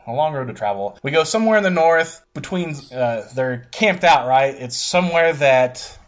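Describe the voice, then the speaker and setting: A man casually recapping a TV episode as a podcast co-host, swearing freely and quickly paraphrasing the characters. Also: on the high side, dull audio. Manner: profane, animated, paraphrases characters in quick asides.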